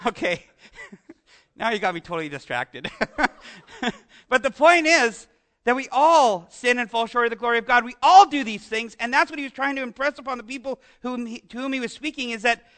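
A Canadian man preaching in a loose, conversational way, his voice sitting very high for a man and sounding bright and forceful. He jokes with his listeners, backs up and restarts his sentences, and wanders into friendly asides. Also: animated, moderate pace. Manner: chatty, joking with the congregation, many restarts and asides. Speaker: pastor. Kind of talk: conversational sermon.

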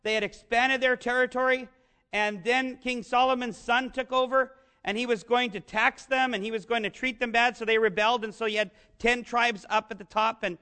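A man's voice: very high-pitched, fairly even intonation, moderate pace, pushed and bright, clean tone. A man preaching a sermon in a conversational way, often asking his listeners questions and slipping in jokes. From northern United States. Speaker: pastor.

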